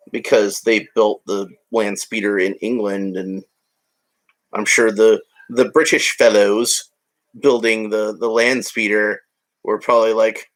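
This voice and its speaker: Low-voiced chatty man. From United States. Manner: chatty, rambling, joking asides. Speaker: hobby vlogger. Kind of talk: casual narration while building a toy set.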